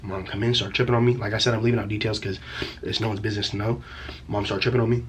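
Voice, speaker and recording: Fast-talking young man telling a story. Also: on the low side, little pitch movement, noisy background. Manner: rambling, profane, full of slang fillers. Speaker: vlogger. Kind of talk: casual storytime.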